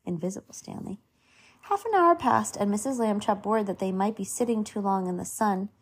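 Mother reading a children's book aloud at home; husky, gravelly tone, patient asides. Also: mid-range voice, animated, fairly quick. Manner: gentle, explains the story as she reads.

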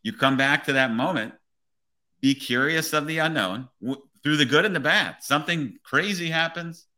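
Bright-voiced man, earnest motivational talk. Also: a little high, moderate pace. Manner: earnest, motivational, keeps asking "right?". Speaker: police officer and podcast host. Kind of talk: casual podcast conversation.

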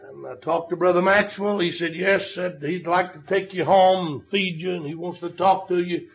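An older man preaching a sermon, telling stories and rising to shouted emphasis on key lines. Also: high-pitched, fairly even intonation, moderate pace.

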